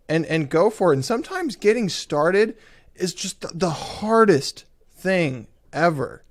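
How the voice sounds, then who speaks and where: Podcast host, male, fairly high voice, slow and encouraging, repeats words as he restarts. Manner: repetitive, stumbling restarts. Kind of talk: encouraging interview remarks.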